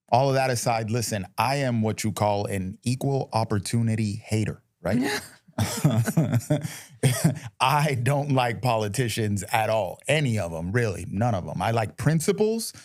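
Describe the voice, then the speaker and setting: A low-voiced man speaks as a talk-show co-host, blunt and opinionated, wandering through his points with restarts. His voice sits close and dry, with no room around it. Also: a little mellow, dry recording. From United States. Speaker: podcast co-host. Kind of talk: casual chat.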